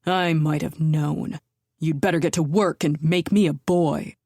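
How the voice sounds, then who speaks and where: A woman voicing a domineering, gruff older man who bellows and sneers, in an audiobook. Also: deep voice, steady tone, measured pace, darkish tone, dry recording, studio quality. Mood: contemptuous. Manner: bellowing, contemptuous. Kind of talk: audiobook character voice.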